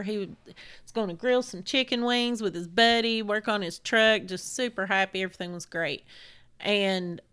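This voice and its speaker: A woman's voice: medium pitch, a bit bright, clear, resonant tone. A woman, co-hosting a casual talk show and retelling a frightening family event in a rambling, emotional way. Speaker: podcast co-host. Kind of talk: casual storytelling chat.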